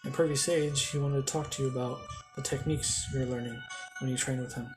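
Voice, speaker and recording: A man as a calm elder-brother ninja. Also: mid-range voice, fairly quick, over music, lightly acted. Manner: calm, explaining.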